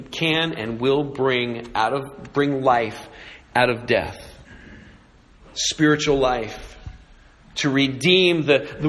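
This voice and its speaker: A man's voice: medium pitch, a bit bright. A man preaching a sermon in an earnest way, building intensity on key points and turning to prayer. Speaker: pastor.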